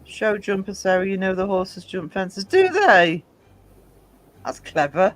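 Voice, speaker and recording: A man's voice: sits high, steady tone, moderate pace. A man from England hosting a livestream, chatting casually and reading out viewer comments with a self-deprecating, laughing manner. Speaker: livestream host.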